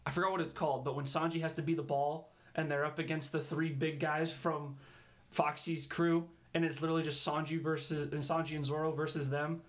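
A man co-hosting a podcast, excitable and animated as he recounts scenes in casual chat. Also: fairly high pitch, fairly quick. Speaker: podcast co-host.

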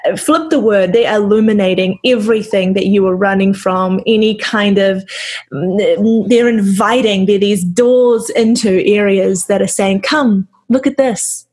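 A woman with a husky, breathy voice speaks reflectively about relationships and emotions. She laughs easily and keeps the tone casual. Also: medium pitch, steady tone, measured pace, a little mellow. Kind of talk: casual spiritual conversation.

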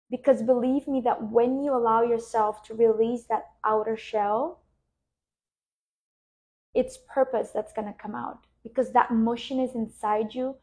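Lady coach doing a slow calm guided relaxation thing, kinda high voice. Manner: slow, soothing, reflective. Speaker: podcast host and business coach.

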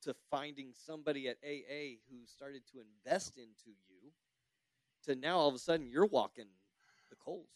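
A man's voice: medium pitch, moderate pace, dry recording. A man hosting a podcast interview, asking a long, rambling question with restarts. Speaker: podcast host.

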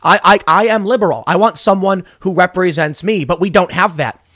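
A young man hosting a podcast, giving opinionated political commentary in a rambling, animated way with many restarts, recorded in a small closet studio. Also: high-pitched, brisk, no echo. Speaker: podcast host.

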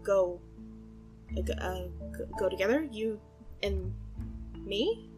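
A woman's voice: a little high, moderate pace, music in the background, natural voice. A woman voicing a flustered, awkward teenage boy who stammers.

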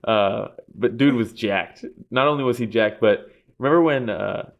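A man co-hosting a podcast in casual sports chat, excitable, laughing often and swearing freely. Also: lowish voice, moderate pace, vocal fry, highs cut off. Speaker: podcast co-host.

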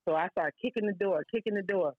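A woman from Brooklyn, telling a personal story as a podcast guest in a lively, blunt way, full of slang and asides. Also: mid-range voice, fast, no room sound, phone-quality sound. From Brooklyn, New York.

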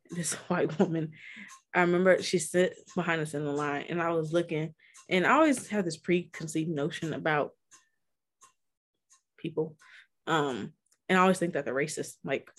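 A young woman co-hosting a podcast, casually telling a personal story with frequent laughs, fillers and speech. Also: deep voice. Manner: laughing often, many fillers, candid. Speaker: podcast co-host.

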